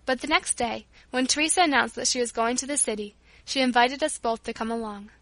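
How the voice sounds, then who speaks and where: A woman narrating a storybook as an audiobook, reading in a clear, expressive way. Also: fairly high pitch, a little fast, no echo.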